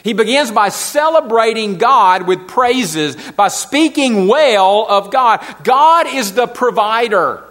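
A man's voice: high-pitched, expressive, takes it slowly, hardly any pauses, a bit bright. A man preaching a sermon to his congregation, repeating key phrases for emphasis and asking his listeners questions. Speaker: pastor.

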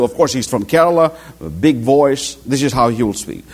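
A man's voice: medium pitch, fairly quick. A middle-aged man preaching a sermon, telling stories and acting out quotes. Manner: animated storytelling with acted quotes.

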